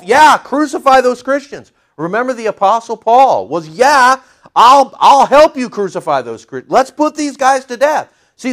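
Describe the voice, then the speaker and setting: Casting: male preacher, lively swinging delivery, fairly high voice, playful teaching tone. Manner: animated, jokey, acts out quotes. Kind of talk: Bible teaching.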